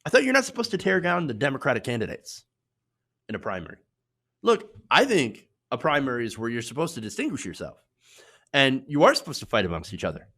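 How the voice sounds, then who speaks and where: A man's voice: mid-range voice, very animated, fast talker, a bit bright. A man hosting an opinion commentary show, talking in an emphatic, sarcastic way and repeating lines for effect. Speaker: political commentary host.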